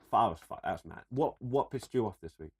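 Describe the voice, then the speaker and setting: A man's voice: lowish voice, animated, a little fast, husky. A man co-hosting a casual podcast, blunt, jokey and full of swearing. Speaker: podcast co-host.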